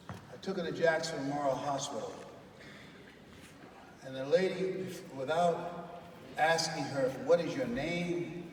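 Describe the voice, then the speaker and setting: A man giving a motivational speech to a live audience, telling stories and leading the crowd in repeating phrases. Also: medium pitch. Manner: storytelling, animated, leads the crowd in repeated phrases. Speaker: motivational speaker. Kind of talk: motivational speech with call-and-response. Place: large hall with an audience. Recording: echoey hall from far off, faint noise.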